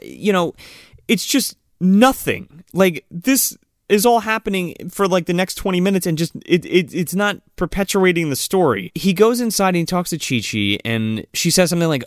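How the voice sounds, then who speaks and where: A man talking through a movie plot in loose, profane banter. His pitch swings widely as he slips into quick imitations of the characters. The sound is dry and close. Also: no room sound. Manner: animated, acts out characters in quick put-on voices. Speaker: podcast co-host. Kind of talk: casual profane movie recap.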